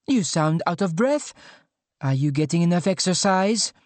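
A man's voice: high voice, lively intonation, a little mellow, no echo, pitched above the performer's own voice. A man voicing a middle-aged mother in an audiobook, lilting and dismissive as she nags her son. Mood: scolding. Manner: brisk, dismissive, motherly nagging. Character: fussy French mother, middle-aged, scolding. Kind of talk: audiobook character voice.

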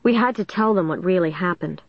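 A woman reading a first-person story aloud in a steady, measured way. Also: on the low side, gravelly, no echo, lo-fi sound. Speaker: audiobook narrator.

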